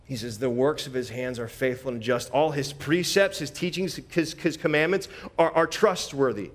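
A man preaching a sermon in a conversational, animated way, often repeating phrases as he walks through scripture. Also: mid-range voice, moderate pace.

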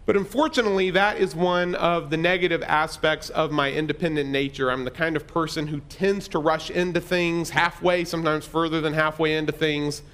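A man's voice: on the high side, fairly even intonation, fairly quick, hardly any pauses, fairly bright tone. A middle-aged man pastor telling a personal story in a conversational, self-deprecating sermon.

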